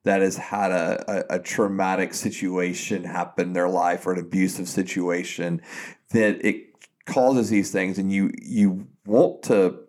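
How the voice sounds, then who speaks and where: A man with a fairly low voice speaks as a pastor on a casual podcast. He is earnest and reflective, and he often circles back and restarts his sentences as he works through his thoughts. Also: level tone, measured pace, darkish tone.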